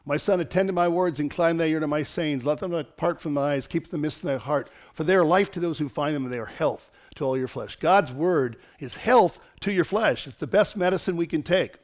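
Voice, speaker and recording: A middle-aged man preaching an online sermon as pastor, lively and given to laughing asides and dramatic storytelling. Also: a little high, a little fast, hardly any pauses.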